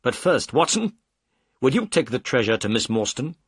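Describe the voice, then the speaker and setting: A man voicing a calm, commanding male detective who speaks firmly in a storybook reading. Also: medium pitch, moderate pace, husky, no echo, studio quality.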